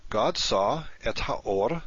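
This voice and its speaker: A man teaching a recorded lesson, patient and explanatory, slowing down to spell out each word. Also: medium pitch, animated, fairly bright tone, dry recording. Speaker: Hebrew teacher. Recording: dull lo-fi recording.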